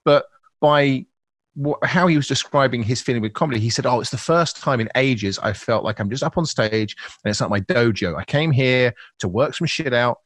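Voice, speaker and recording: A man's voice: mid-range voice, expressive, normal speed, a bit bright, dry recording. A man hosting a podcast, asking long, winding questions with many restarts. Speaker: podcast host. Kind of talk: casual podcast conversation.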